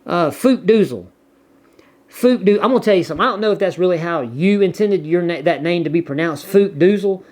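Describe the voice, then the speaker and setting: A man's voice: high voice, expressive, a little fast. A man with a Southern US accent chatting casually as a vlogger, rambling and repeating words as he reads viewer comments. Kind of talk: casual chat.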